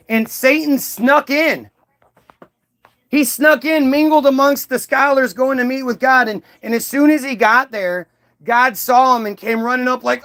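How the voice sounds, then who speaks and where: A man with a very high voice delivers a stand-up rant, profane and mocking. He bursts into quick character voices to poke fun. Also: a bit bright. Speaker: comedian.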